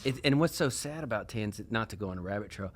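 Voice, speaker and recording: A man's voice: fairly low pitch, lively intonation, fast talker. A man hosting a podcast who chats casually, jokes around and asks his guest follow-up questions. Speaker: podcast host. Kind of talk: casual interview chat.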